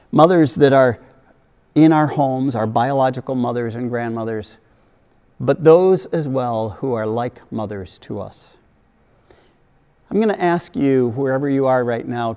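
A man preaching a sermon in an earnest, gentle way, softening his voice at tender points. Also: a little high. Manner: gentle, earnest preaching with soft dips and lively acted quotes. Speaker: pastor. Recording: long reverb of a large hall.

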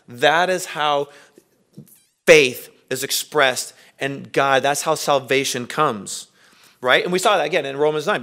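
A man preaching a sermon, earnest, asking rhetorical questions and swinging between loud emphasis and quiet. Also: medium pitch. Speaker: pastor.

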